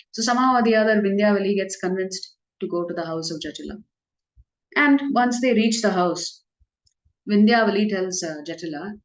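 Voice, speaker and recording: A woman's voice: mid-range voice, moderate pace. Woman telling a devotional story. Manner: conversational, with fillers and light laughs. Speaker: devotional class speaker. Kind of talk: storytelling religious talk. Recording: echoey room.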